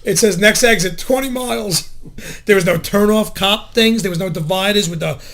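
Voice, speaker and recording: A middle-aged man, a comedy show co-host telling a story in a profane, excitable way, shouting out his own quotes. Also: high voice, normal speed. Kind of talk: animated storytelling.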